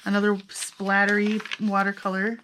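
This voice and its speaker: A woman's voice: medium pitch, monotone, normal speed, a bit bright, slight background noise. Chatty woman narrating a craft flip-through. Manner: chatty, self-amused, thinks aloud. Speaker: crafter showing her handmade journals.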